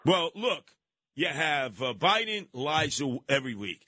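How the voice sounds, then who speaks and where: A man's voice: fairly high pitch, sing-song, unhurried, sharp tone, no room sound. A man hosting a call-in radio show, rambling and sarcastic with combative asides. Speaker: radio talk show host. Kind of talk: call-in talk radio monologue. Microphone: studio mic, dry.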